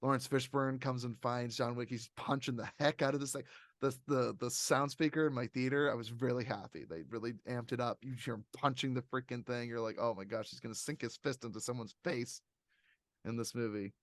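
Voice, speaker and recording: A man hosting a podcast, chatting casually and reviewing a movie in a rambling, animated way, often laughing. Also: medium pitch, fairly quick, no room sound. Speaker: podcast host.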